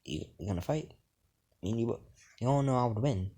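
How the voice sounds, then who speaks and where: A man's voice: mid-range voice, animated, normal speed, mellow, close to an everyday voice, rough recording. A man doing a smug teenage hired killer. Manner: smug, offhand, rambling. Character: cocky teenage boy turned cold hired killer.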